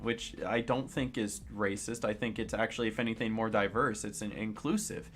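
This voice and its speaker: A man's voice: on the low side, steady tone, normal speed, few pauses, a little hiss or hum. A young man giving casual, rambling commentary while he plays, opinionated but shrugging, with many fillers and restarts. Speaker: gaming streamer.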